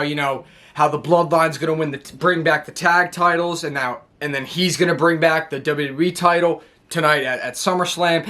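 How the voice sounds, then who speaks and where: A young man recapping a wrestling show in a casual, rambling, excitable way, laughing often. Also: fairly high pitch.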